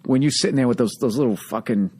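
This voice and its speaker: A man's voice: mid-range voice, fast talker, breathy edge. Comedian dude hosting his podcast, swears a lot, gets worked up telling stage stories, mid-range voice. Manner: profane, animated storytelling. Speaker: podcast host, stand-up comedian. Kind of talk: casual chat, storytelling.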